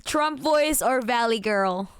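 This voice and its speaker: A woman's voice: fairly high pitch, lively intonation, takes it slowly, smooth, dry recording, clean studio sound. A woman streamer chatting casually, reacting to news and her chat with giggles and mock outrage.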